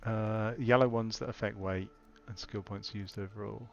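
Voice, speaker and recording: A man's voice: fairly low pitch, steady tone, moderate pace, gravelly, muffled recording. Young man, gaming commentary, thinking aloud, exasperated asides, faint game music. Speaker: gamer. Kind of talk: casual let's-play commentary.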